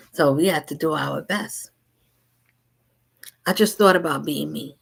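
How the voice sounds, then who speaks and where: A woman delivering a spiritual message in a rhythmic, repetitive way, slipping between whispers and loud asides. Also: low voice, animated, slow, vocal fry, slightly rough. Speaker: spiritual channel host.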